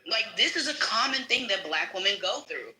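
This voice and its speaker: A woman's voice: normal speed, echoey room, slight background noise, rough recording. A woman telling work stories casually on a live panel from her home kitchen, mimicking the people she quotes and swearing freely. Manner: animated, acts out quoted people in a higher voice. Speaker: panel speaker. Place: home kitchen, cooking while talking.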